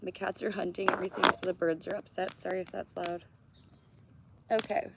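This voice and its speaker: Gravelly, chatty woman reading cards. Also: lowish voice, flat delivery, brisk, very noisy. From Canada. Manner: chatty, swears freely, laughs often. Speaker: tarot card reader. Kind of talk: casual live-stream card reading. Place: outdoors by a fire.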